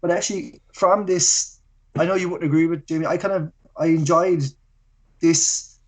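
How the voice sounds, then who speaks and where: A man's voice: fairly high pitch, steady tone, normal speed. A man co-hosting a film review podcast over a video call, teasing his co-host and swearing casually. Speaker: podcast co-host, movie guru.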